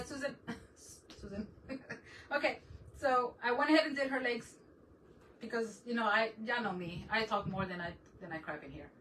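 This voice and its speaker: A woman's voice: on the high side, a bit bright, far from the mic, a little hiss or hum, rough recording. A woman hosting a live craft stream, chatting casually with viewers and laughing often as she works. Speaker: craft livestream host.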